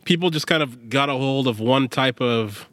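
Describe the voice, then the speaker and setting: A man's voice: mid-range voice, normal speed, fairly bright tone, dry recording. Chatty man with a dry close sound. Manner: rambling, lots of fillers and laughter. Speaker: podcast co-host. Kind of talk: casual chat.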